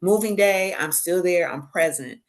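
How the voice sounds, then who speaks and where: A woman with a fairly low voice tells stories animatedly in a casual podcast chat. She acts out the voices of the people she quotes and laughs as she talks. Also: unhurried. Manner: laughs while telling stories. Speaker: podcast guest. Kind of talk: casual storytelling conversation.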